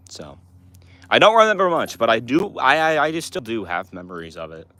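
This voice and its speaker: A man's voice: fairly low pitch, fairly bright tone, dry recording. A teenage boy from Montana chatting casually with his livestream viewers, rambling through restarts and fillers. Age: teens. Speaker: livestream host answering chat.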